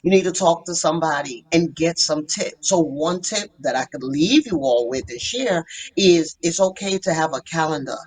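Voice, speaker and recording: A woman's voice: fairly low pitch, poor audio. A woman therapist telling her story as a podcast guest, earnest and emphatic. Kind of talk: podcast interview.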